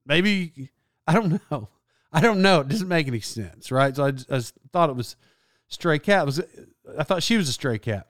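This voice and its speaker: A man's voice: high-pitched, animated, normal speed, fairly bright tone, no echo, clean studio sound. A man hosting a podcast, telling comic stories in an exasperated, rambling way that keeps interrupting itself. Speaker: podcast host. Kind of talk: comedic storytelling monologue.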